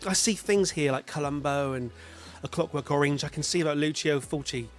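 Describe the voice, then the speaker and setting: A man's voice: on the high side, brisk, faint music behind. A man co-hosting a casual film review podcast, joking dryly and restarting his sentences. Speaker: podcast co-host.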